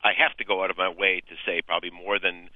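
This US West Coast caller speaks fast in a low voice with little pitch movement, hesitantly laying out his problem to a radio show with many fillers. The audio is a tinny phone line with no echo.

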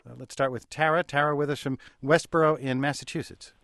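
A man hosting a radio call-in show, speaking in a measured, hesitant way with frequent fillers. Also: fairly high pitch, fairly even intonation, fairly bright tone, no room sound, clean studio sound.

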